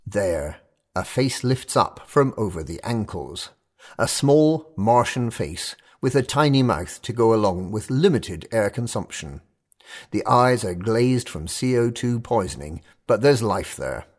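A man's voice: fairly low pitch, lively intonation, measured pace. A man narrating a first-person audio story in clipped, tense fragments.

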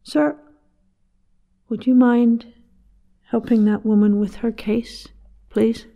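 A man voicing a polite stewardess, gravelly. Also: very high-pitched, little pitch movement, slow, mellow, pitched above the performer's own voice, heavily acted. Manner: courteous, sweetly insistent. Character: polite young female flight attendant, knowing.

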